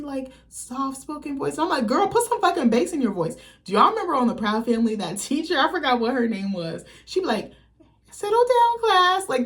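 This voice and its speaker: A woman talking straight to camera as a vlogger, giving blunt, candid and profane opinions in a loose, chatty way. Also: a little high. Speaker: vlogger, channel host. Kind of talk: casual opinion commentary.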